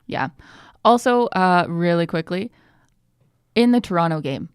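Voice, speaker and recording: A woman's voice: lowish voice, expressive, measured pace, clean tone, no echo, studio quality. A woman co-hosting a sports podcast in casual chat, talking as an upbeat fan and using lots of fillers. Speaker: podcast co-host.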